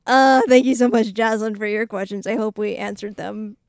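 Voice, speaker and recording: A woman's voice: mid-range voice, steady tone, normal speed, darkish tone, no echo, clean studio sound. A woman co-hosting a podcast in casual chat, reading out listener questions, laughing a lot and filling gaps with "um" and "like.". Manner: giggly, reads out listener questions, many fillers. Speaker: podcast co-host.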